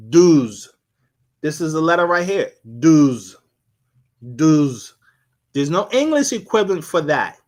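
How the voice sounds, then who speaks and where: A man's voice: high voice, pushed and bright. A man giving a casual live-streamed lecture, rambling and repeating himself as he sounds out syllables.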